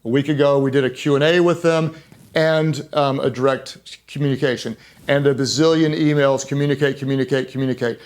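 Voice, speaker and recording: A man's voice: a little high, fairly even intonation, normal speed. A middle-aged man, a pastor giving a leadership talk, speaking emphatically and conversationally, repeating key words for stress and dropping in self-deprecating asides.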